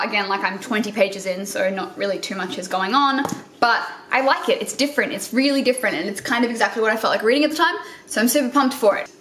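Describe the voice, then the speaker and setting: A young Australian woman in her twenties chatting excitedly about books while unboxing, gushing and swearing freely. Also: a little high, reverberant, a little hiss or hum. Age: 20s. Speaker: book vlogger. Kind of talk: casual unboxing chat. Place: indoor room under lights.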